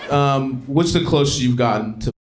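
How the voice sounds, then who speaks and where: A man's voice: on the high side, vocal fry, background noise. A man doing stand-up crowd work in a comedy club, brash and teasing, laughing often. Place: comedy club before a live audience. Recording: roomy live club sound with loud crowd.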